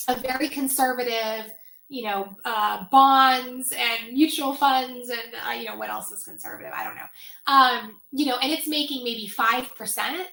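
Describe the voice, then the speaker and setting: A woman's voice: sits high, pushed and bright, roomy sound. A woman hosting an online money workshop, talking casually with lots of fillers, her voice getting tired. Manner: chatty, many fillers. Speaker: financial workshop host.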